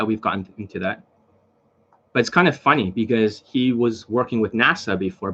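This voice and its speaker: A man lecturing casually as a dating coach, rambling and profane, in a dull lo-fi recording. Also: fairly low pitch. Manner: rambling, profane, lots of fillers.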